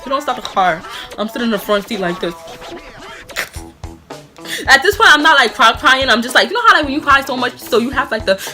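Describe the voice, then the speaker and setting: A young woman telling a personal story in a casual storytime vlog, animated and rambling, with lots of fillers and laughs. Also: a little high, brisk, pauses often, soft background music. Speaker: vlogger.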